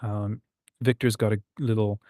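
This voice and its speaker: A man's voice: lowish voice, little pitch movement, a little slow, dark tone, no echo, clean studio sound. A man hosting a casual livestream about writing, reading out viewer comments and musing aloud with frequent ums and restarts. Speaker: host.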